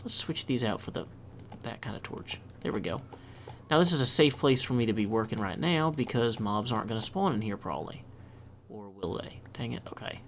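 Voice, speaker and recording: A man talking through his gameplay in a chatty, upbeat way, thinking aloud as he builds. His voice sits at a middling pitch, with a faint hiss of noise behind it. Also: lively intonation, a little fast, fairly bright tone. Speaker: let's play host. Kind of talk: casual gameplay commentary.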